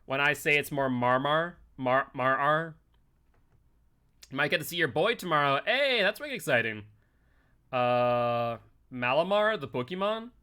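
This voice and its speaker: Bright-voiced chatty male game streamer. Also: fairly high pitch, lively intonation, a little slow, clear, resonant tone. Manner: chatty, reads chat aloud, playful teasing. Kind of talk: live game commentary and chat.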